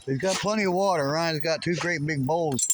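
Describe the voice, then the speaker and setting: A man's voice: a little high, normal speed. A middle-aged man in a casual backyard vlog, chatty and easygoing, chuckling often and cooing to his rescue dogs. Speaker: garage owner showing his rescue dogs. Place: overgrown backyard with dog pens, outdoors. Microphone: camera on a swinging makeshift mount. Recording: noisy outdoor audio with dogs barking.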